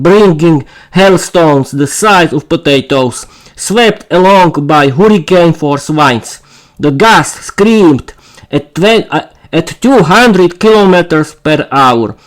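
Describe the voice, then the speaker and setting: A man's voice: on the high side, animated, slow pace. A man reading a story aloud for English learners as a podcast host, with small slips and asides to listeners.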